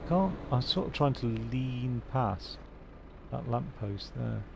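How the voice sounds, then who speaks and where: A man's voice: mid-range voice, lively intonation, takes it slowly, creaky, noisy background. A man rambling casually as he streams a truck-driving game, with self-mocking asides. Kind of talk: casual live-stream commentary.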